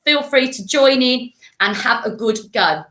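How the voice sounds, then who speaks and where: A woman's voice: fairly high pitch, unhurried, fairly bright tone, roomy sound. A woman teaching a primary school language lesson, encouraging and playful, in a recorded classroom lesson. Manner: encouraging, with playful animal voices.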